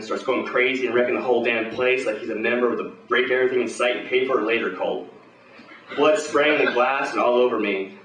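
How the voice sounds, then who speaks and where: A man telling a first-person pulp action tale aloud in a gruff, swaggering, profane, hardboiled way. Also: mid-range voice, a bit bright, echoey room, far from the mic, slight background noise, low-quality recording. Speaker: storyteller.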